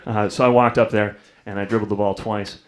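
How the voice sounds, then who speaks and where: A man's voice: level tone, brisk. A young adult man doing a stand-up comedy set on a club stage, telling stories and acting out other people's voices. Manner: storytelling, acts out voices with big pitch jumps.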